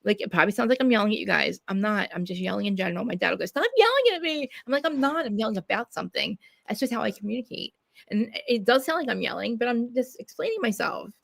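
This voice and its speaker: A quick-talking woman, loud and blunt, swearing freely as she hosts a casual podcast. Her voice has a gravelly edge and sits close and dry on the mic. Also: medium pitch, no room sound. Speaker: podcast host. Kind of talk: casual live podcast chat.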